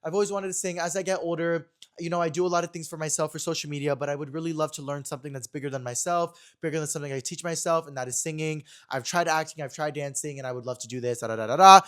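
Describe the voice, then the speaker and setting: An excitable young man, chatting away on his own podcast. His voice sits a little high for a man, and he rattles through the story quickly with lots of energy. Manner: chatty, fast, animated storytelling. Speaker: podcast host. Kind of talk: casual chat.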